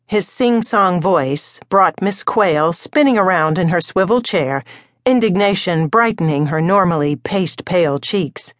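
A woman narrator reading a novel aloud in a measured storytelling manner. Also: fairly low pitch, lively intonation, no room sound, studio quality. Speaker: audiobook narrator. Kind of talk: scripted narration.

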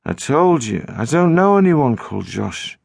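A man's voice: mid-range voice, measured pace, creaky, no room sound, studio quality, voice pushed up, heavily acted. A man voicing a mysterious teenage boy on the phone in an audiobook, evasive and tetchy. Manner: evasive, flat insistence turning tetchy. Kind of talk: audiobook narration.

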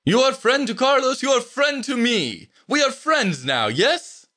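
Male narrator voicing a cheerful Slavic heavyweight, loud, bright, friendly, broken English. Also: very high voice, sing-song, a little slow, voice pushed up, full character voice. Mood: boisterous. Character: huge cheerful Slavic man, loud and huggy.

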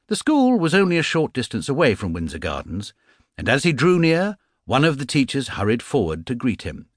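A man reading a children's storybook aloud as an expressive audiobook narrator. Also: medium pitch, fairly quick, dry recording, clean studio sound.

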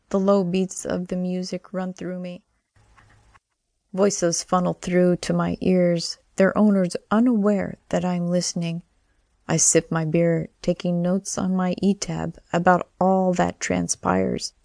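A woman's voice: on the low side, vocal fry, dark tone, dry recording, studio quality. A woman reading a first-person audiobook narration in a wry, sardonic manner.

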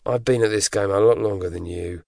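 A man playing a lazy, complacent veteran male officer who drawls slowly. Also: on the low side, gravelly, warm tone, no room sound, studio quality. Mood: smug.

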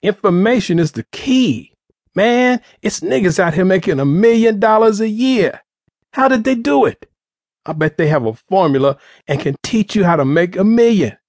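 A man voicing a cocky, scheming teenage street boy who talks quick and pushy. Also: mid-range voice, animated, no room sound, clean studio sound, lightly acted. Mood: excited.

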